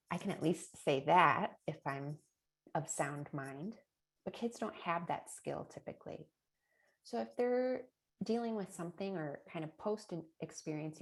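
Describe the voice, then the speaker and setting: A woman's voice: on the low side, gravelly. A middle-aged woman presenting a parenting webinar in a chatty way, often adding a rhetorical "right?" and little laughs. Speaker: early childhood presenter.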